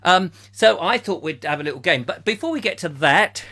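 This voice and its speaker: A man's voice: high-pitched, animated, brisk, pushed and bright. A middle-aged man from England hosting a comic live chat show, rambling and joking while reading out viewers' comments. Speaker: host.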